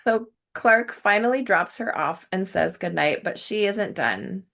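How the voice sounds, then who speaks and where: A young adult woman podcast host recapping an episode, animated and quick to laugh. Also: medium pitch, vocal fry. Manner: animated storytelling, laughs often. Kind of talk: recap commentary.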